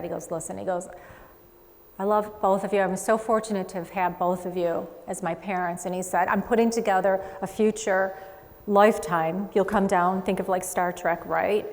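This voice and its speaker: In a large hall, a woman hosting a psychic medium show gives chatty readings to a studio audience, tossing in quick asides and laughing often. Her pitch is medium and her tone steady.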